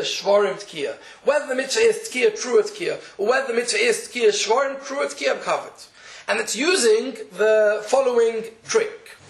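A man with a high voice gives a religious law lecture and works through each step methodically, repeating it for his listeners. The room is echoey. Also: a bit bright. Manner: methodical, repeats steps to explain. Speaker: teacher.

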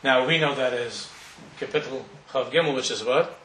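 A middle-aged man gives a sermon, telling a story in a loose, conversational way with many restarts. His voice is mid-pitched and comes from far off in a large echoing hall, with faint background noise. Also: normal speed, fairly bright tone. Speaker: rabbi giving a talk.

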